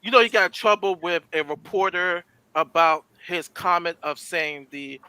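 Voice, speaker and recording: A man's voice: sits high, normal speed, sharp tone, clean tone, no room sound, rough recording. A man chatting as a guest on a live show, often restarting and repeating himself. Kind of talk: casual chat.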